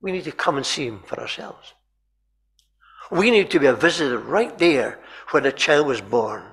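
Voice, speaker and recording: Brief: man preaching in a chapel, lively swooping delivery, fry in the voice, restarts his words often. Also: medium pitch, moderate pace. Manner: animated storytelling with frequent repeated words and throat-clearing. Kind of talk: sermon.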